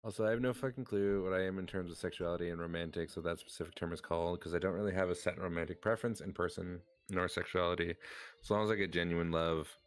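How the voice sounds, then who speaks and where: A man's voice: low-pitched, steady tone, fast, soft background music. A man streaming live, chatting casually while drawing, thinking aloud and swearing now and then.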